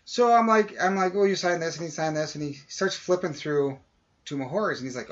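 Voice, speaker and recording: Man telling animated anecdotes, lo-fi. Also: fairly high pitch, a little fast. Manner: animated anecdote-telling, acts out quoted voices. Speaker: podcast co-host. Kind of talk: casual storytelling chat. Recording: dull lo-fi audio.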